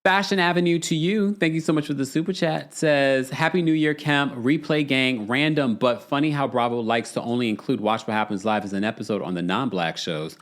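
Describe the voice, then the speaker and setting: A man's voice: mid-range voice, brisk, few pauses, a bit bright. A man hosting a live-streamed reality show recap, chatting casually, reading viewer comments and acting out quotes with laughter. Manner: chatty, laughs often, acts out quotes in raised voices. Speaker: podcast host.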